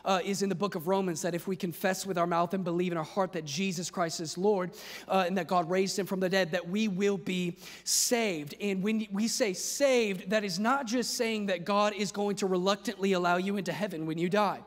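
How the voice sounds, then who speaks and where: A male pastor preaching a sermon with impassioned delivery, at times rising to a shout. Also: high voice, fairly even intonation, normal speed. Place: large church hall. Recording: long reverb of a large church hall.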